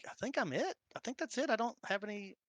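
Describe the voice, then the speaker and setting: A man running a tabletop game and chatting, animated and excitable, swearing freely. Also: high voice, fast talker, dry recording. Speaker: game master. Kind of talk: casual chat and tabletop game narration.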